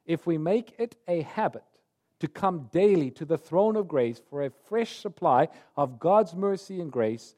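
Earnest male preacher, mellow voice. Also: fairly high pitch, animated, a little slow. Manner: storytelling, earnest, swelling loud then dropping soft. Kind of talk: sermon.

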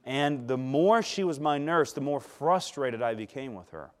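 A male preacher telling a personal story in a sermon, shifting between loud emphasis and hushed tones and calling for responses from the congregation. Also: mid-range voice, animated, normal speed. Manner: calls for audience response.

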